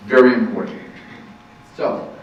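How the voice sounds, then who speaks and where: A male counselor with a fairly low, steady voice speaks a little slowly as he gives an earnest parenting lecture to a live audience, repeating key points and posing rhetorical questions. The room recording is very echoey, distant and muffled, with a little hiss or hum.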